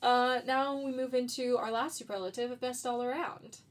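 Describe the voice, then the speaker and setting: A chatty woman co-host with a slightly high voice, laughing often and dropping curse words freely. She talks in a loose, casual way. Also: steady tone, normal speed. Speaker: podcast co-host. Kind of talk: casual chat.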